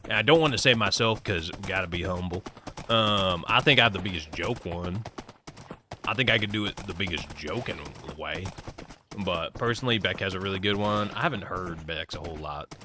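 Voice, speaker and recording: A man's voice: low-pitched, brisk, noisy background. A young man from Nebraska streaming a game, rambling casually and answering chat as he plays. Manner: rambling, chatty, reads chat aloud. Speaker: livestreamer. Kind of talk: casual chat while gaming.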